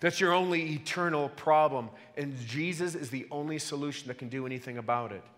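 A man's voice: fairly high pitch, brisk, fairly bright tone. A man preaching a sermon to his church, earnest and emphatic, often putting questions to the congregation. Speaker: pastor. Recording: long hall reverb.

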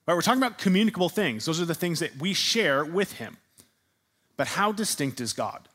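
A man's voice: fairly high pitch, expressive, a little fast, fairly bright tone. A man teaching a sermon-style class. He puts questions to his listeners, repeats their answers back, and leans hard on repeated words for emphasis.

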